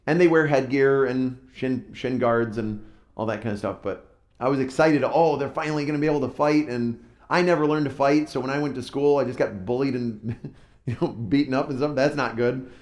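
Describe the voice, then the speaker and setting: A man preaching at middle pitch, telling a story in a relaxed, self-deprecating way. His voice rings in a roomy church hall. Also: normal speed. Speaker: pastor. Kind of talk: sermon storytelling. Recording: roomy echo.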